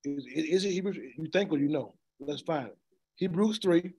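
A man's voice: a little high, normal speed, dark tone, husky. A man preaching an interactive Bible teaching, asking the congregation questions and repeating words as he reads scripture. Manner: call-and-response questioning, stammering repeats. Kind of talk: interactive sermon.

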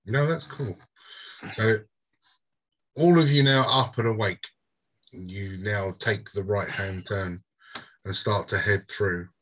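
A man running a tabletop game as game master, narrating in a casual, halting way. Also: lowish voice, fairly bright tone, low-quality recording.

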